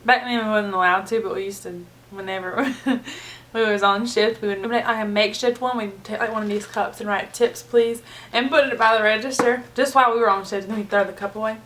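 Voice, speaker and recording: A woman vlogger telling a story in a casual, animated way with relaxed slang. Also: medium pitch, fast, slight background noise. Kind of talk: storytime vlog.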